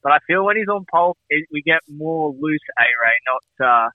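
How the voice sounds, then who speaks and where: A man's voice: on the high side, animated, normal speed, no echo. Amused man on a tinny phone line. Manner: laughing, rambling, amused. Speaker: podcast guest. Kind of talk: casual chat.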